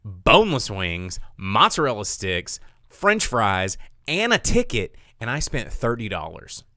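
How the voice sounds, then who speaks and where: A man in casual chat on a live talk stream. His voice swings widely in pitch as he tells stories and acts out quotes from other people. The sound is dry and close. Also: a little slow, no echo. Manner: animated storytelling, acts out quotes with big pitch jumps. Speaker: podcast co-host.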